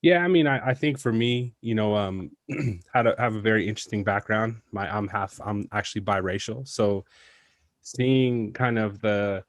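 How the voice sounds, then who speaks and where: Male podcast guest on a video call, easygoing measured talk, low pitch. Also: no room sound. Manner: relaxed, measured, many "you know" fillers. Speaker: podcast guest, communications professional. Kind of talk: casual conversational podcast chat. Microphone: video call mic.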